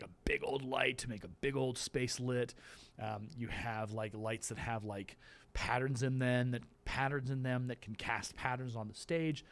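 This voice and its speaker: A man explains stagecraft to his class in a loose, animated teacherly ramble. His voice sits at an average pitch, and he trips over words now and then and slips into playful voices. He sounds like he is talking in a classroom.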